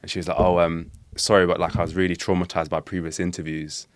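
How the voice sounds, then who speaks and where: A young man, his voice sitting very low. He rattles through his stories at a quick clip, slangy and animated, and the recording is dry and close. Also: no room sound. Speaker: podcast guest, street interviewer. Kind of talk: casual storytelling chat.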